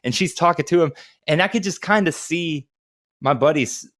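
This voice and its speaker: A man's voice: a little high, moderate pace, fairly bright tone. A man in his thirties, a podcast co-host telling casual, profane, rambling anecdotes. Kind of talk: casual storytelling chat.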